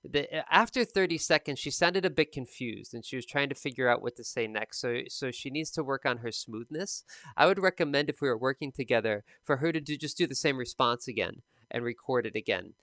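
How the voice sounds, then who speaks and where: A man's voice: mid-range voice, expressive, a little fast, fairly bright tone, dry recording, clean studio sound. A man teaching an English test-prep lesson, talking casually and giving feedback with plenty of fillers and restarts. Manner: casual and conversational, many fillers. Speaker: TOEFL speaking teacher.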